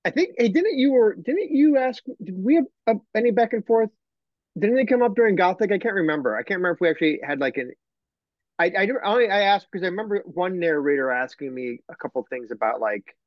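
A man's voice: on the high side, no echo, dull audio. A man, a guest author, chatting casually on a video call in a rambling way, often correcting himself mid-sentence. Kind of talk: casual chat.

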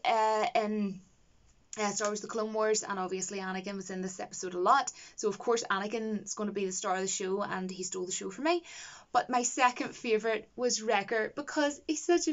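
A woman's voice: mid-range voice, a bit bright, lo-fi sound. A young woman, reviewing a TV episode in a casual, enthusiastic and rambling way. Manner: enthusiastic, rambling, gushing with praise.

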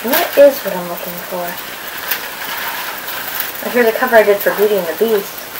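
A woman's voice: medium pitch, moderate pace. Chatty woman vlogging over background noise. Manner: chatty, rambling, looks through papers while talking. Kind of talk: casual talk to camera.

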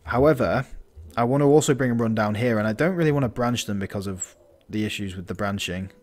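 A man's voice: on the low side, quick pace, darkish tone. Rambling man, gameplay commentary. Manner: rambling, thinking aloud with many restarts. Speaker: gaming channel host. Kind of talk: casual let's-play commentary.

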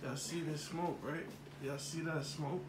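A man's voice: on the high side, steady tone, unhurried, echoey room, big-room sound. A young man in a casual vlog, talking in laid-back slangy banter. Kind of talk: casual chat.

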